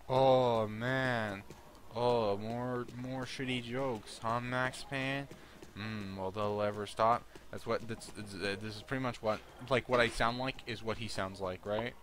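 A man's voice: mid-range voice, steady tone, unhurried, a bit bright, a little hiss or hum. A young man giving annoyed, sarcastic gameplay commentary and swearing a lot. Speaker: let's play commentator.

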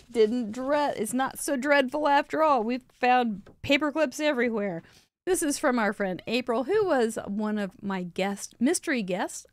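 A woman's voice: on the high side, no room sound. A woman chatting casually as host of a live crafting show, opening mail from viewers and laughing often. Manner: chatty, warm-hearted, laughs often, yawning from a long day.

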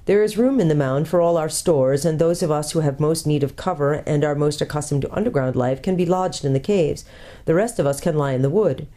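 A woman's voice: sits low, fairly quick, mellow, close to an everyday voice. A woman voicing an old male tutor, learned and kindly, courtly and precise as he explains, in a storybook reading. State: out of breath from hurrying.

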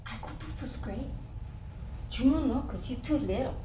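In a one-woman stage show, a woman plays an eager, chatty first-grade girl who sounds proud, using childlike English with a San Antonio Spanish-influenced accent and drifting into Spanish. Her voice is high-pitched and animated, with a dark tone and moderate pace. The stage sound is roomy and distant, with faint hiss.

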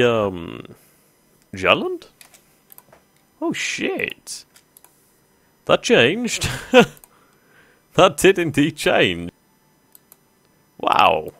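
A man's voice: mid-range voice, vocal fry, a bit bright, no room sound. A man hosting a strategy game let's play, thinking aloud casually with many ums. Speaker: gaming video host.

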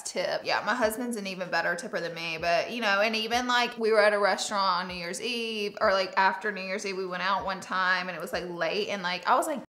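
A woman in her thirties from Alabama with a softened Southern accent, chatting candidly as a vlog host. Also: mid-range voice, brisk, few pauses, reverberant. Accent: Southern US, softened by years in Los Angeles. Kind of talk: casual chat while doing makeup.

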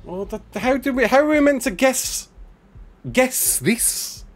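A man's voice: very high-pitched, expressive, unhurried, faint music behind. A man hosting a casual gaming session, playful and laughing, calling his co-player mate. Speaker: gaming video host.

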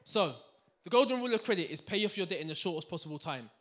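A man giving a live finance seminar to a room audience, energetic and full of banter, quizzing the crowd. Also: high voice, fast talker. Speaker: seminar speaker.

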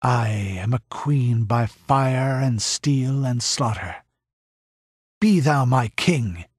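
A man's voice: mid-range voice, animated, slow pace, breathy edge, dry recording, clean studio sound. Man voicing Belit, an imperious pirate queen. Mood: passionate. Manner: commanding, passionate, imperious. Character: proud fierce pirate queen, young woman.

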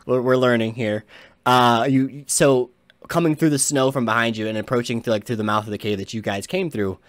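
A man narrating as game master of a tabletop game, halting with frequent "uh"s and chuckles. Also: medium pitch.

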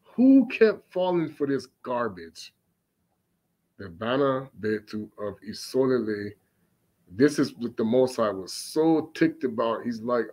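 A man preaching on scripture. He reads archaic passages aloud slowly, then breaks off to comment emphatically and fire off rhetorical questions. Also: medium pitch, sing-song, darkish tone, low-quality recording. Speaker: religious teacher.

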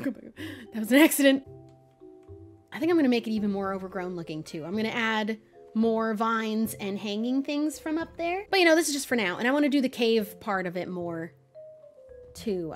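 Young female streamer, bright-pitched and animated, chatty game commentary. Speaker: Minecraft streamer. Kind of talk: casual gameplay commentary.

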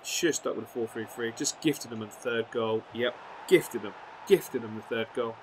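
A young man giving live gameplay commentary, excitable, swearing and yelling at the match. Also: mid-range voice, normal speed, a little hiss or hum. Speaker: gaming video creator.

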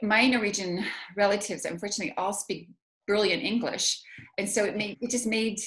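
A woman author talks through a video call with a chatty, self-mocking manner and many small hesitations. Her voice sits at an ordinary middle pitch. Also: a little fast, a bit bright. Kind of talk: casual video call chat.

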